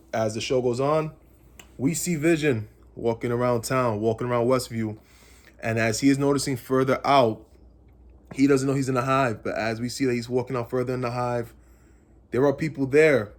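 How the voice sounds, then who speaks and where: A man's voice: mid-range voice, fairly even intonation, normal speed. A man casually recapping a TV episode and theorizing about what comes next, rambling and repeating himself as he speculates. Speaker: comics channel host.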